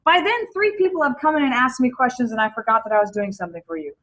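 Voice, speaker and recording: A woman teaching a class, telling lively anecdotes and acting out the people in them. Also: a little high, fast. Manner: animated, acts out anecdotes. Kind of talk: classroom lecture. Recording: echoey classroom from far off.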